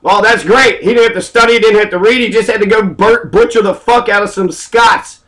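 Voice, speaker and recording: A man with a high-pitched voice delivers an off-the-cuff political lecture. He rants with heavy cursing and sarcastic rhetorical questions. He stalls often on fillers as he hunts for names. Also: steady tone, a little fast, fairly bright tone, low-quality recording. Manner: frequent hesitations and fillers. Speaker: speaker giving a political history talk.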